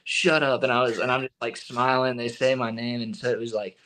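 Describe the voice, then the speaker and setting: A young man from Texas, a baseball pitcher, telling stories in a casual interview and acting out what others said. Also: a little fast. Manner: animated storyteller, acting out quotes.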